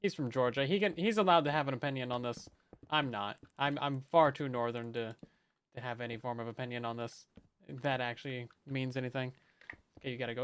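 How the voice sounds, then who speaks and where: A man's voice: mid-range voice, fairly even intonation, a little fast, clean tone. A man streaming a game, chatting casually with viewers in a joking way and often repeating words as he restarts. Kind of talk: casual live-stream chat while gaming.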